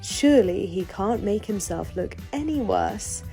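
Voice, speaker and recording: A woman delivers a scripted narration in an even, polished read. Her tone is mellow and warm, and faint music plays quietly underneath her. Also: medium pitch, a little slow, creaky. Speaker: channel narrator.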